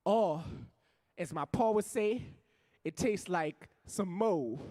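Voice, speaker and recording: A man with a strong New Orleans accent performs spoken word poetry from a live stage. His voice sits very high for a man, and his lines land in rhythmic, punchy runs that break into sudden loud bursts. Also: slow. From New Orleans, USA.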